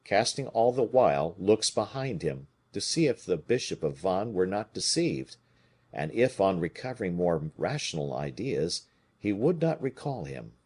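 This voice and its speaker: Male audiobook narrator, deep and husky, with a lively, animated delivery. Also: normal speed. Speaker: audiobook reader. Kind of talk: audiobook narration of a classic novel.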